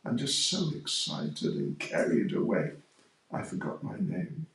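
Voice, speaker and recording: A man's voice: medium pitch, big pitch swings, measured pace. A man doing a flustered disguised god. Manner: hesitant, fumbling, evasive. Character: flustered god disguised as a big strong girl. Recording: echoey hall, mic far off.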